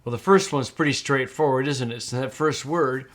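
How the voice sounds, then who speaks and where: A middle-aged man narrating a screencast lesson at his computer, with a voice at an ordinary middle pitch. He talks his students through each step patiently and slows down whenever he models how a word sounds. It has the plain, close sound of a desk mic. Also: a bit bright. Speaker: Greek teacher.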